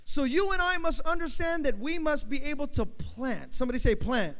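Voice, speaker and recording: Male pastor, emphatic repetitive preaching, high voice, reverberant church. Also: animated, brisk, fairly bright tone. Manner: call-and-response, emphatic repetition. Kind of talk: sermon. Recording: long hall reverb.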